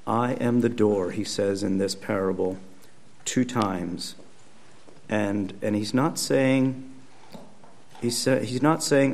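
A pastor giving a conversational sermon with emphatic repetition, speaking in a church. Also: male voice, on the low side, takes it slowly, gravelly, pauses often, a little mellow. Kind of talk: sermon teaching.

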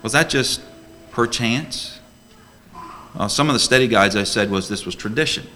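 A man's voice: mid-range voice, normal speed, pushed and bright, faint music behind. A man preaching a sermon to a church congregation as a deacon, earnest and emphatic, full of rhetorical questions.

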